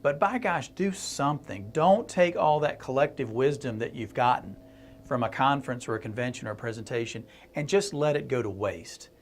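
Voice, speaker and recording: A man's voice: mid-range voice, lively intonation, normal speed, slight background noise. A middle-aged man speaking to camera in a casual blog video, telling a story as a consultant and speaker, laughing and restarting often.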